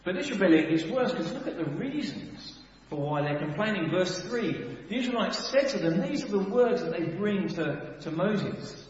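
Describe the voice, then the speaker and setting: Animated preacher in an echoey hall. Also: male voice, sits high, normal speed, hardly any pauses. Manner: animated, rhetorical questions, dramatic swings in volume. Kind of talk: sermon. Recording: echoey hall, dull sound.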